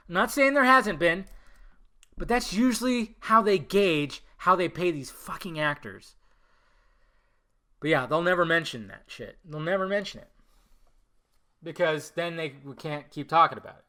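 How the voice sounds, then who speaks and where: A man's voice: on the high side, expressive, normal speed, long pauses, bright, forceful tone. A man hosting a solo podcast, ranting heatedly and swearing a lot. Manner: heated, swearing, emphatic rants. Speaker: podcast host.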